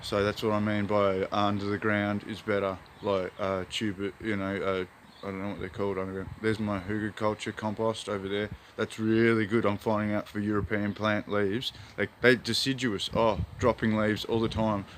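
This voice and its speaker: A laid-back Australian man wanders through his backyard garden, talking into a phone camera in a meandering, spiritual, slangy way. His voice sits a little low, and faint outdoor ambience hangs behind it. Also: level tone, moderate pace, slight background noise. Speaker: hobby gardener vlogger. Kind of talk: rambling outdoor vlog.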